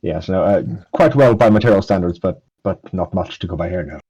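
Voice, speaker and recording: A man's voice: deep voice, brisk, mellow, husky, lo-fi sound. A man chatting casually as a player in a tabletop role-playing game, easygoing with short replies.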